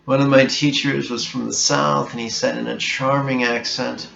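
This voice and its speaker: A man giving a reflective spiritual talk as a meditation teacher, slow, deliberate and bluntly emphatic. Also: mid-range voice, flat delivery, creaky, fairly bright tone. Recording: echoey room, dull sound, faint hiss.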